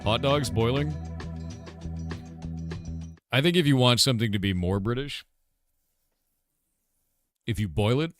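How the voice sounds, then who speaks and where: A man's voice: medium pitch, measured pace, pauses often, music in the background. A middle-aged American man streaming live, riffing and joking with his chat in loose banter. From United States. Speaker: game developer streamer.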